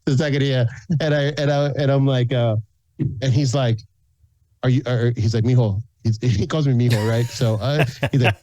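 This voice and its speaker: Man, podcast guest, lively storyteller, mellow warm tone, dry close mic. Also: mid-range voice, fairly quick, dry recording. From San Antonio, Texas. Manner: animated storyteller who acts out quoted people, laughs often. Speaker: guest, food content creator. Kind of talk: casual storytelling in a podcast interview.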